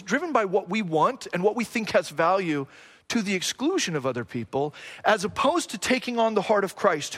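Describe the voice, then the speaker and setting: A middle-aged man preaches a sermon with a notably high voice. He builds points through repeated phrases and rhetorical questions, dropping in light self-deprecating asides along the way. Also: fairly bright tone. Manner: earnest, repetitive preaching cadence with rhetorical questions; self-deprecating asides, jokes about his own accent. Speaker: pastor.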